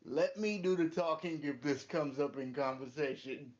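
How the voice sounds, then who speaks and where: A man's voice: on the high side, normal speed, lo-fi sound, crowd noise, natural voice. A man voicing a confident male adventurer who insists on doing the talking. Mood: assured. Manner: confident, takes charge. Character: self-assured male adventurer, smooth talker.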